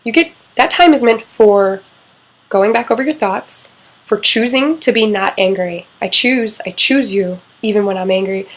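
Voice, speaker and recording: A woman's voice: mid-range voice, moderate pace, rough recording. A middle-aged woman coaching on relationships in a casual, candid talk, swearing freely and acting out quoted lines.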